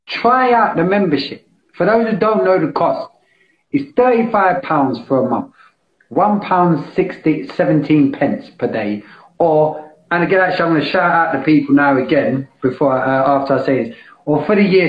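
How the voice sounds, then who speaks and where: A British man hosting a live meditation session, talking casually and enthusiastically as he pitches a membership, with frequent restarts. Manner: enthusiastic, salesy, restarts often. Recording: echoey, dull lo-fi sound.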